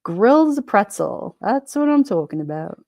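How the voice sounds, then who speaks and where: A middle-aged woman with a New York Italian accent hosts a relaxed livestream, greeting viewers by name and riffing on their comments. She talks in a mellow, warm tone, and her voice sits close and dry on the mic. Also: medium pitch, a little slow, no room sound. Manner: chatty, wisecracking, laughs often. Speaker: livestream host. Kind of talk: casual live chat reading comments.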